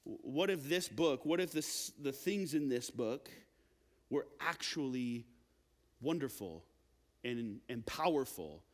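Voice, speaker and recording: A young man giving a youth sermon, telling a story casually with lots of fillers and animated asides. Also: medium pitch, slow. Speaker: youth pastor. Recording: long reverb of a large hall.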